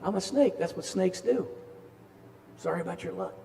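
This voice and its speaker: A man's voice: high voice, very animated, normal speed, vocal fry, mellow, voice pushed up, full character voice. A man voicing a sly snake frozen to a bridge, coaxing and wheedling for help, in a storytelling talk recorded in an echoey hall. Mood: blunt.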